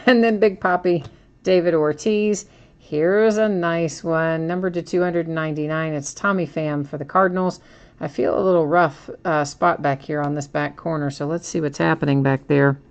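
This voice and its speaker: A woman's voice: deep voice, steady tone, normal speed. A woman hosting a live card break, chatting casually as she opens packs and reads out each card.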